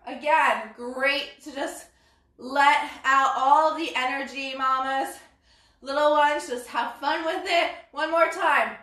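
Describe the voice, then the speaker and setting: A woman with a high, bright voice leads a parent-and-toddler yoga class. She talks slowly and cheerfully, with sing-song cues. The sound is roomy, as if the mic sits some distance away. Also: steady tone. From Brooklyn. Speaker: yoga instructor. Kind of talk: live-streamed kids' yoga class.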